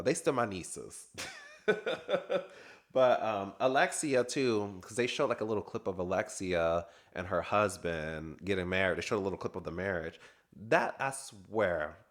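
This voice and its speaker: Deep-voiced man gossiping about reality TV. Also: fairly bright tone. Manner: chatty, gossipy, laughs often. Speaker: recap vlogger. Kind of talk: casual reality TV recap.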